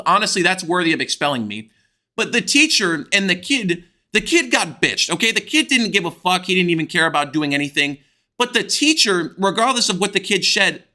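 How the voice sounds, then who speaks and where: A young man from the United States telling a crude, excitable storytime with plenty of swearing. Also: high-pitched. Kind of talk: animated storytime vlog.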